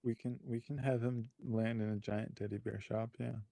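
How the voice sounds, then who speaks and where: A man's voice: mid-range voice, little pitch movement, moderate pace, creaky, warm tone, no room sound. A man co-hosting a podcast who narrates an improvised story in an easygoing way. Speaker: podcast co-host.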